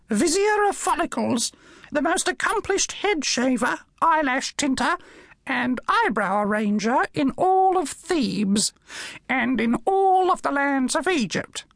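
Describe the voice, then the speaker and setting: A man voicing a chirpy, clever female macaw in an audiobook, in a high, squawky bird voice. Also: vocal fry, fairly bright tone, no echo, clean studio sound, full character voice. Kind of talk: audiobook character voice.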